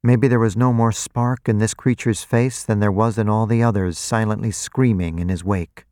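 A man reading first-person narration for an audiobook, deliberate and introspective. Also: fairly low pitch, fairly even intonation, darkish tone, no room sound, studio quality.

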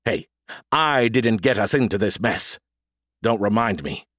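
A man's voice: fairly low pitch, lively intonation, a little slow, fairly bright tone, no echo, clean studio sound. A man voicing an arrogant, sarcastic male alien AI in an audiobook, snarky and theatrical. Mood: lecturing. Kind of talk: audiobook character voice.

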